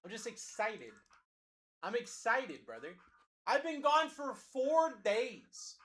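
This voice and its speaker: Hyped man hosting a card break stream. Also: very high voice. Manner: energetic, talks fast to chat, calls out players. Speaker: card break livestream host. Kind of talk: hyped live-selling patter.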